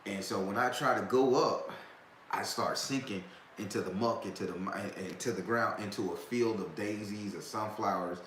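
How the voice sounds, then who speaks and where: A man's voice: fairly low pitch, moderate pace, fairly bright tone. A man hosting a live talk, telling a story in a loose, profane, casual way and laughing often. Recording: echoey room, faint background noise.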